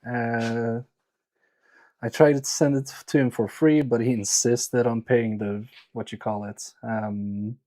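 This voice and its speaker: A man hosts a live electronics repair stream, muttering to himself and making self-mocking jokes as he works. His medium-pitched voice is warm, stays fairly flat, and moves at a slow pace, like casual stream chatter.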